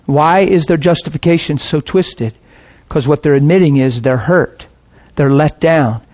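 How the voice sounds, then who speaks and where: A man's voice: on the high side, unhurried, a little mellow. A middle-aged man, a pastor, preaching a sermon in a passionate, conversational way.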